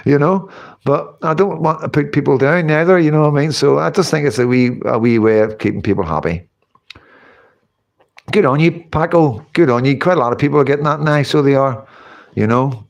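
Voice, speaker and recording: A man's voice: a little high, lively intonation, normal speed, gravelly. Man, casual livestream host, rambling, chatty, laughs a lot. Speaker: livestream host reading chat.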